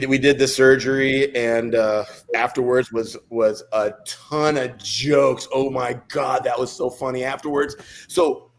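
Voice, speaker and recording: A middle-aged man, a podcast guest, telling stories in a lively, joking way with many restarts. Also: medium pitch. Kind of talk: casual storytelling.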